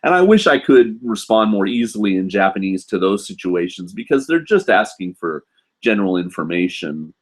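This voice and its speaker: A man with a lowish voice hosts a casual live question-and-answer stream. He talks in a loose, chatty way, filling his sentences with "you know". His delivery is animated, and he sometimes jumps higher to act out students and coworkers. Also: normal speed. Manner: animated, acts out students and staff in a raised voice. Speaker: host answering viewer questions; university English teacher in Japan.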